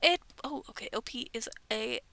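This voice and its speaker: Woman, thirties, high voice, dry close sound, chatty story reader, whispered asides. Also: lively intonation, moderate pace, bright, forceful tone, dry recording. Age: 30s. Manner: chatty, self-aware, often laughs and whispers asides. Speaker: streamer reading online stories. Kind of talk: casual reading with asides. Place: bedroom at home.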